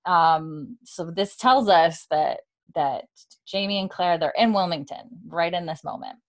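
A chatty young woman talks through a show's episode in a relaxed, casual way. She slips into the characters' lines with a lifted voice, and her own voice sits fairly low for a woman. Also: unhurried. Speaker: podcast host recapping a TV episode. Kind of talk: casual chat recap. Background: dog heard at times.

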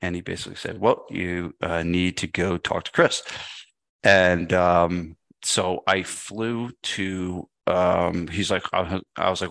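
A man's voice: sits low, dry recording. A man, a podcast guest, telling a story in casual chat with lots of fillers and restarts. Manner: animated, many fillers and restarts. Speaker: podcast guest, gym business speaker.

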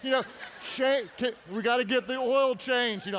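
A man's voice: very high-pitched, normal speed, fairly bright tone, slight background noise. A man preaching a playful sermon, joking and calling for responses from the congregation. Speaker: pastor.

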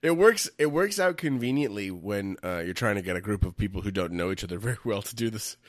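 A man's voice: fairly low pitch, lively intonation, quick pace. A man joking wryly as a player at a tabletop game. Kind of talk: casual chat at a tabletop game.

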